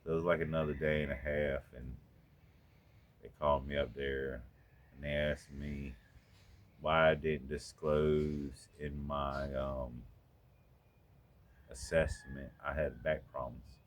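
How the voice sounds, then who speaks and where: A man's voice: a bass voice, flat delivery, slow, long pauses. A middle-aged man from North Carolina telling a story from his own life in a casual vlog monologue, raw and profane, talking straight to his viewers. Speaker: storytelling vlogger. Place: home out in the country.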